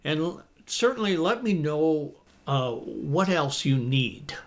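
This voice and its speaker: Deliberate, encouraging male English coach. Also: a little high, big pitch swings, creaky. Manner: reads example phrases slowly and deliberately, encouraging. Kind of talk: teaching lesson to camera.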